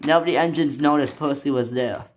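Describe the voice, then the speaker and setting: A man casually narrating a homemade toy train story in a plain, halting way, with frequent restarts. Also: a little high, slight background noise. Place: indoors at a toy train layout.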